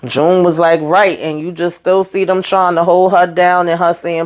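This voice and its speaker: A woman with a voice on the low side recaps a TV episode at normal speed, barely pausing. She's a chatty, animated TV show recapper who retells the scenes casually and calls people "child" and "honey."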